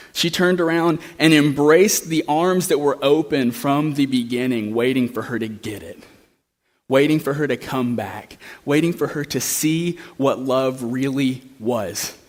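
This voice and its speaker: A young man preaching a sermon, telling a story in a conversational way that builds to impassioned pleas. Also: mid-range voice.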